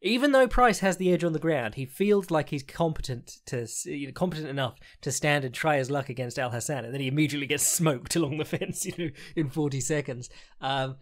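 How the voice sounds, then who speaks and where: A man's voice: on the high side, brisk. A man hosting a podcast, recapping fights in a rambling, frank way with lots of fillers, the odd swear and laughs. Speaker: podcast host, fight analyst. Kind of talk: casual solo commentary recap.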